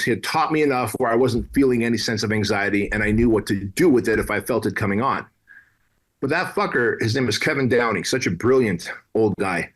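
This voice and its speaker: A man's voice: lowish voice, a bit bright. A man from Armenia in his late thirties or older, a podcast guest telling a personal story in a blunt, casual way, with slang and swearing. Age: 30s. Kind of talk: candid conversational storytelling.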